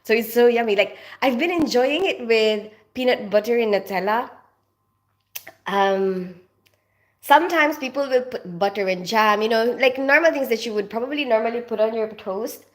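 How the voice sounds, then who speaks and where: A woman with a voice on the high side talks at normal speed during a relaxed live stream at her North London home. She grew up in the Philippines and keeps laughing while reading out comments and welcoming viewers by name.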